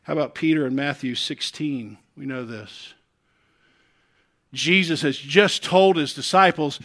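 A man's voice: a little high, a little slow. Dynamic Southern-accented male preacher. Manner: dynamic delivery, swinging between loud urgent calls and soft hushed appeals. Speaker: pastor. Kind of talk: sermon.

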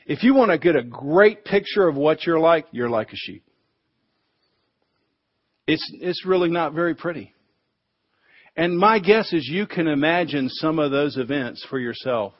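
A man's voice: a little high, expressive, a little slow, long pauses, no room sound. Male pastor, sermon, conversational storyteller; dry, muffled lo-fi sound. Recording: dull lo-fi recording.

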